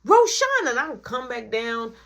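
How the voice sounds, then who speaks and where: Woman vlogger, storytime, slangy, swoops up and down in pitch as she acts out each person. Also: very animated, moderate pace, a bit bright. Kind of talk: casual storytelling.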